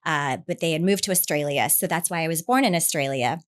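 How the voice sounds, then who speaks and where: Interview guest, woman in her fifties from New Zealand; low-pitched, friendly storyteller. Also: a little fast. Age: 50s. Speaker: guest, business founder. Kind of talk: casual interview chat.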